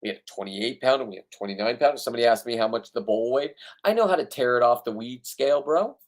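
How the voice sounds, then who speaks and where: A man rants through a voice-over of his own fishing video, blunt and boastful with plenty of swearing. His voice sits at an ordinary middle pitch. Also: expressive, fast. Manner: blunt, profane, ranting, boastful. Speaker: fishing vlogger.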